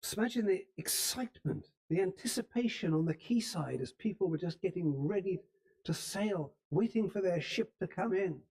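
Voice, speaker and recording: A man delivers a history talk in a church hall, telling it like a story and now and then restarting a phrase. His voice sits a little high but stays warm and mellow. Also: animated, gravelly. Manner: storytelling, unhurried, with small restarts. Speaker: speaker giving a history talk. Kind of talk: lecture.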